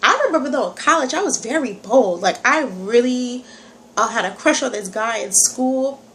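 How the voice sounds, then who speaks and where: An animated young woman from New York talks straight to her phone camera, her slight Southern country accent slipping in. Her nose is stuffy, and she wanders off on tangents as she goes. Her voice sits a little high, with faint background hiss. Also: moderate pace. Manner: animated, chatty, digresses. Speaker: vlogger. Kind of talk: casual talk to camera.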